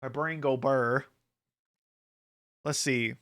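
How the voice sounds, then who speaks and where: A man's voice: medium pitch, steady tone, takes it slowly, a bit bright. A man streaming casually, rambling with lots of fillers and frequent laughter, hyped up from an energy drink. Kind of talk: casual livestream chat.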